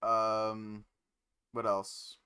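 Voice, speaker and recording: A man streaming live, reading code aloud and musing to chat with many pauses and fillers. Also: fairly low pitch, monotone, pushed and bright, clear, resonant tone. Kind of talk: casual live-stream chat while coding.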